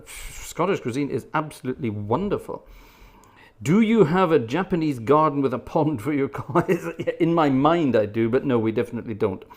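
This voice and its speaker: Middle-aged british guy on a live stream, reading out chat comments, dry jokey replies, medium voice. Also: medium pitch. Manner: chatty and wry, reads comments aloud then jokes back. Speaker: livestream host and organist.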